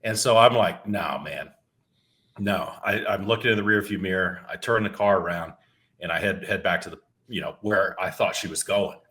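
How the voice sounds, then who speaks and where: Low-voiced middle-aged man spinning a story. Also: fairly even intonation, a little fast, sharp tone. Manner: rambling, loose, swears freely, restarts words. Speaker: podcast co-host. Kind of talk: casual storytelling. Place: home.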